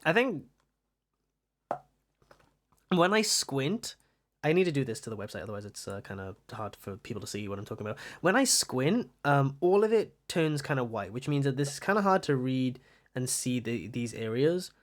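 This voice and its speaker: Lively, giggly young art streamer. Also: medium pitch, normal speed. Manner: rambling, giggly, swears casually. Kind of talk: casual livestream chat.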